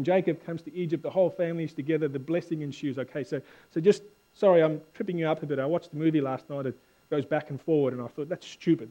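A male pastor giving a conversational sermon, swinging between hushed and loud lines and stumbling over repeated words when he corrects himself. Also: fairly high pitch, dull audio.

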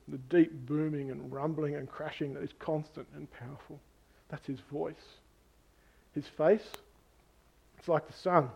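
A man preaching an Easter sermon in an earnest way, slowing down to read scripture passages. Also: fairly high pitch, highs cut off. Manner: earnest, reads scripture slowly.

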